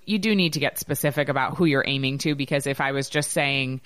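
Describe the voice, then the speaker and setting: Woman podcast host, thirties, low-pitched and chatty with an upbeat lift, recorded close and dry. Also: quick pace, fairly bright tone, no room sound. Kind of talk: casual podcast chat.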